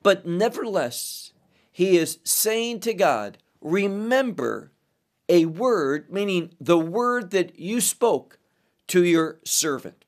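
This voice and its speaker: A male Bible teacher walks through scripture in an unhurried, measured way. His voice sits a little on the high side. He pauses to put questions to his listeners. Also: lively intonation. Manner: slow, deliberate, with rhetorical questions.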